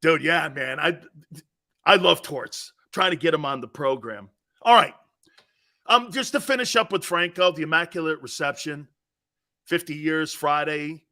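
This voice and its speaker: A man hosting a live sports talk show, telling stories in an animated, rambling way with many asides. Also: fairly high pitch, measured pace. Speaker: sports talk radio host.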